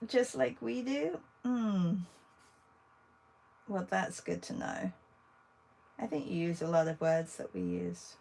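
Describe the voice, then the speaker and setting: A woman's voice: on the low side, slow pace, vocal fry, pauses often, darkish tone, rough recording. A woman art teacher chatting casually with viewers while she draws, thinking aloud as she works. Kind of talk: casual livestream drawing demo.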